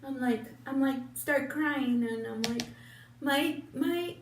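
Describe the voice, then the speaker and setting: A woman's voice: on the high side, fairly even intonation, unhurried. An older woman chatting casually while doing her makeup, rambling, with lots of fillers, restarts and laughs. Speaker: beauty vlogger. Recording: roomy, distant mic, faint hum.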